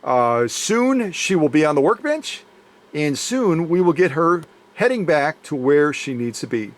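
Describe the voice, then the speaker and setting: A man's voice: a little high, very animated, measured pace. Playful man rambling in his workshop. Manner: playful, rambling, jokey asides. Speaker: sewing machine restorer and channel host. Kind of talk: casual unboxing chat to camera. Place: home workshop.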